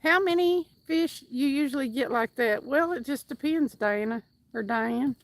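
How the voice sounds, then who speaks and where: A high-voiced woman talking at normal speed, with no echo, hosts a relaxed livestream from the water's edge as she fishes. She reads out viewer comments in a bubbly, talkative manner, now and then breaking into a whoop.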